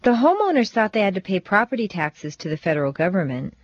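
A woman teaching English pronunciation, reading set phrases and sentences with slow, deliberate, exaggerated stress for learners to repeat. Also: mid-range voice, big pitch swings, no room sound, muffled recording. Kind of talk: scripted pronunciation drill.

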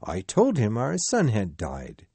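A man voicing a kindly, grief-worn working father who talks slowly and gently in a storybook reading. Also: fairly low pitch, huge pitch swings, creaky, slightly rough, no room sound, full character voice. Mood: gentle. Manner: slow, gentle, tearful.

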